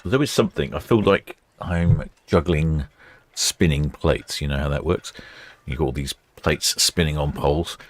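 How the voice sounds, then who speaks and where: An Englishman with a rumbling low voice hosts a live ship-watching stream from a quayside port camera station. He chats casually at a normal pace, reading viewer comments aloud as ships leave port, with no room sound on the recording.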